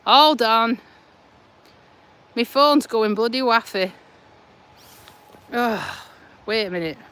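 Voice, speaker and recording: Walking a footpath beside a road with traffic going by, a woman from England live-streams casual chat to her viewers through a phone held in her hand. She teases, laughs a lot, and sounds slightly breathless; her voice is high, animated, slow, fairly bright, and clean in tone.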